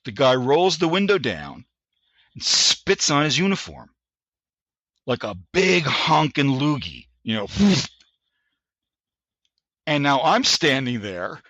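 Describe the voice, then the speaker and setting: A man in his sixties tells a story in a bright, forceful voice, full of restarts and acted-out quotes. The recording is dry and slightly dull, like a modest podcast setup. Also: mid-range voice, slow, long pauses, no room sound. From United States. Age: 60s. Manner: animated, frequent restarts, acts out quotes. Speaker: guest, Army veteran. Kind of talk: anecdotal storytelling in a podcast interview.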